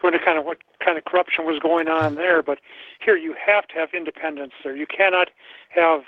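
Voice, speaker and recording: A man's voice: on the high side, fairly even intonation, a little fast, dry recording. A man calling in to a talk radio show, rambling and hesitant, with many fillers. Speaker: caller. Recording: tinny phone line.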